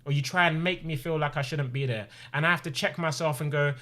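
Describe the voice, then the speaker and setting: A man's voice: a little high, fast talker, few pauses, fairly bright tone. A man in his twenties talking on stream, earnest and impassioned, repeating phrases for emphasis. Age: 20s. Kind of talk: emotional personal talk on stream. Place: home streaming room.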